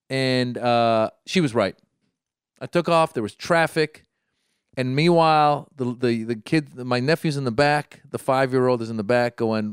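A man from Iran, a doctor, telling a long story in casual chat, rambling, repeating himself and jumping high when he acts out his own thoughts. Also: normal speed, smooth, no echo, studio quality.

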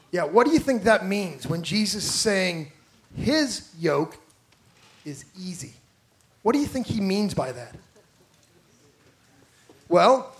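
A man preaching a conversational sermon, self-deprecating and often repeating words as he builds a point. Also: high voice. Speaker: pastor.

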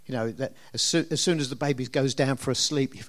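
Talking fast at a medium pitch, this middle-aged preacher keeps his sermon conversational. He often turns to his listeners with questions.

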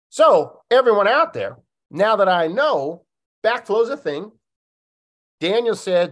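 Man, podcast host, slightly higher voice, casual comedic storytelling, laughs a lot. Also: normal speed. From Oregon, United States. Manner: animated, laughing, acts out dialogue.

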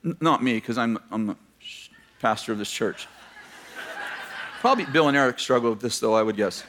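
A man's voice: mid-range voice, fairly quick, a bit bright, slight background noise. A male pastor giving a sermon, telling stories, acting out the voices of the people in them and joking with his listeners. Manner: storytelling, acts out quoted voices, joking asides.

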